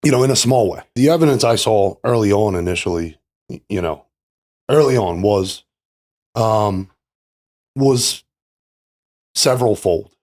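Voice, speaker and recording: Podcast guest, male, lowish voice, earnest and halting, lots of fillers. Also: lively intonation, a little mellow, no room sound, studio quality. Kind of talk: casual conversation about recovery.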